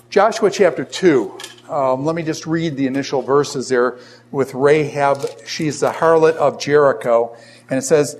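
A man with a Boston accent teaching a Bible lesson to a class, animated and firing rhetorical questions. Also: mid-range voice.

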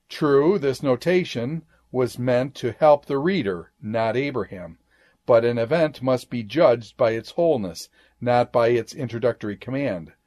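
A man teaching a Bible lesson in a measured way, marking each citation with "quote" and "end quote.". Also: mid-range voice, darkish tone. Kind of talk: lecture reading scripture.

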